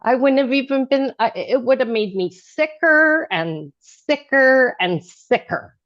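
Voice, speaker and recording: A woman sharing a personal story in a casual group chat, rambling and restarting, now and then bursting into loud, animated remarks. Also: high voice, measured pace, no room sound, dull audio. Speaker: group participant.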